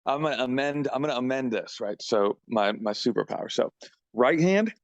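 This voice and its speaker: A man's voice: mid-range voice, a little fast, no room sound, muffled recording. A man, a musician guest, chatting in a loose, jokey way full of restarts and fillers. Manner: rambling, jokey, many restarts and "like"s. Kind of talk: casual interview chat.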